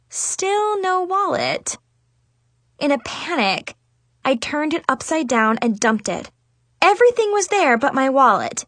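A woman narrating a first-person story in a dramatic, animated way with a teen-girl attitude. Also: a little high, no echo. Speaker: audiobook narrator.

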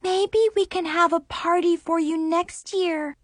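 A woman's voice: extremely high pitch, fairly even intonation, unhurried, no echo, clean studio sound, voice pushed up. Woman reading as Chloe, a grim teen girl. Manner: grim, earnest warnings. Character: teen girl best friend Chloe, dramatic.

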